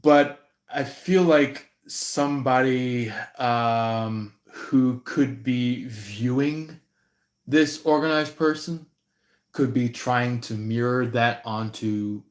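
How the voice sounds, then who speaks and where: A man speaks slowly on a live-stream reading, groping for words and filling gaps with "um" and "like." His voice is mid-pitched and sits in a roomy, echoey space. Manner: slow, halting, many fillers. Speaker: tarot reader.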